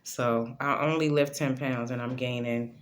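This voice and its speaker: A woman with an extremely low-pitched voice talks unhurriedly and with fairly even intonation, over a faint hiss or hum. She hosts her own channel and is vlogging at home, holding the phone camera herself as she chats candidly and rambles, full of ums and repeats.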